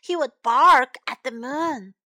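A woman's voice: high-pitched, takes it slowly, bright, forceful tone, no echo, studio quality, heavily acted. A woman voicing a small, worried boy in a children's storybook reading, speaking earnestly. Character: small anxious boy who lost his dog.

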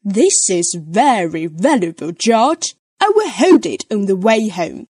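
A kindly old grandfather pig from a storybook, calm and fatherly, as a woman reading aloud voices him. The lines come slowly and steadily. The sound is close and dry. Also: mid-range voice, husky, dry recording, full character voice.

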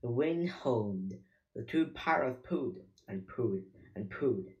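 A reader slowly reading a children's chapter book aloud, stumbling over words now and then. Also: medium pitch, lively intonation, darkish tone, lo-fi sound. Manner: slow, halting reading with slips.

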